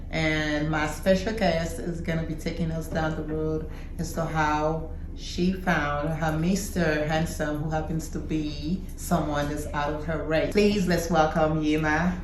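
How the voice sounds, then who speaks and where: A woman hosting a talk show, introducing her guest and asking questions in a slow, supportive way. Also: low-pitched, fairly even intonation, roomy sound, slight background noise, rough recording. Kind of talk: casual interview.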